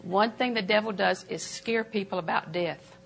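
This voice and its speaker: Older woman, preacher, bright clear tone, emphatic sermon delivery, church auditorium. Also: normal speed. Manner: animated, emphatic delivery with sudden pitch jumps.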